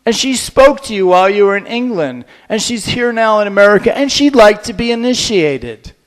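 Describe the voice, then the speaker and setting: A man's voice: high voice, lively intonation, normal speed, low-quality recording. A man voicing an earnest young female devotee who speaks eagerly and politely.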